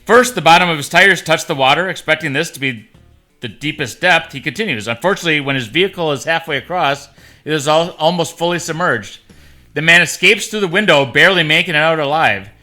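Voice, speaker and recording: A man's voice: a little high, brisk, sharp tone, faint music behind. A man co-hosting a casual tasting show, chatting and reading long jokes aloud with small slips. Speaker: podcast co-host. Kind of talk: casual chat and joke reading.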